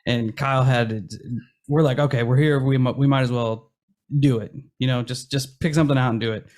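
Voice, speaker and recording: A man's voice: mid-range voice, fairly even intonation, fairly quick, darkish tone. A man in his thirties, a podcast guest, telling a story in a wry, joking way. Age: 30s. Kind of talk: casual chat.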